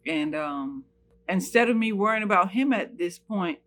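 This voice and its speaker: A woman's voice: lowish voice, expressive, moderate pace, fairly bright tone, a little hiss or hum. A woman from the United States telling a personal story in an earnest, searching way, with many fillers and restarts.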